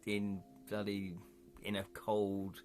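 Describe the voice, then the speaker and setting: A man's voice: lowish voice, monotone, slow pace, darkish tone, soft background music. Chatty man reading a gamebook live. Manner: chatty, laughs often, reacts to viewers' comments. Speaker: livestream host reading a gamebook.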